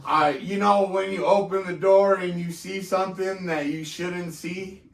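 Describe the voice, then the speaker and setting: Brief: high, gravelly male co-host, slow and profane, echoey and off-mic. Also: steady tone. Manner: profane, laughing storyteller. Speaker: podcast co-host. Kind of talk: casual storytelling. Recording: echoey room, mic at a distance.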